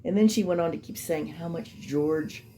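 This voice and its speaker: A woman's voice: sits low, normal speed, warm tone, a little hiss or hum. A woman giving rambling, skeptical true-crime commentary in a casual way, with mocking asides.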